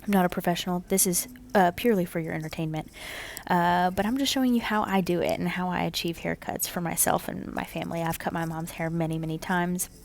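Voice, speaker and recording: A woman casually narrating her home haircut video, chatty and relaxed, with lots of "um"s and "kinda"s. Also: fairly low pitch, brisk, creaky, a little hiss or hum.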